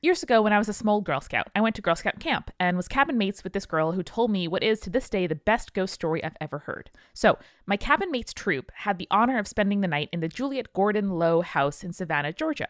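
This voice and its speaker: A woman podcast co-host chatting casually and reading out a listener's email, with expressive reactions. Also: medium pitch, fairly quick, few pauses, dry recording, clean studio sound. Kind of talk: casual chat.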